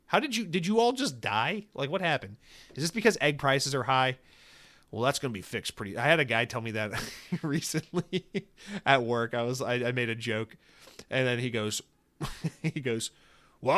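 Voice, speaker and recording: A young man hosting a solo podcast, rambling and swearing as he tells stories and rants. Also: mid-range voice. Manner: rambling, profane, animated storytelling. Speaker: podcast host. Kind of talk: casual solo podcast rant.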